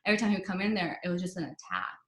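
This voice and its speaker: A young woman with a lowish voice tells her story as a podcast guest. Her talk is casual and chatty, full of fillers, and she acts out what others said. The recording has a roomy echo. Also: expressive, rapid-fire. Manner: chatty, many fillers like "like" and "you know", quotes others in dialogue.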